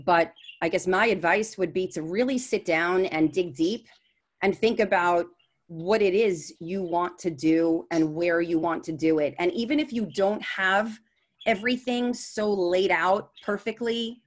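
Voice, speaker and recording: A woman's voice: lowish voice, measured pace. A woman with a New York accent, a sales coach guest on a podcast, giving earnest advice and often repeating words as she searches for phrasing. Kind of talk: candid interview conversation.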